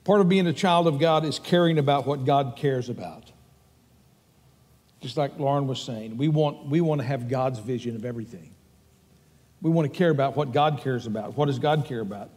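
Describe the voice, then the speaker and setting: A man's voice: medium pitch, normal speed, a little mellow, breathy edge, in a large hall. An older man with a Texan accent preaching a sermon as pastor, earnest and emphatic as he tells stories.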